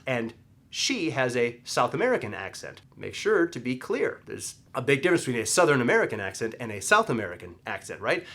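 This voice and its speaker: A young man teaching a casual language lesson, explaining word meanings in an animated way and stressing syllables for emphasis. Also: mid-range voice.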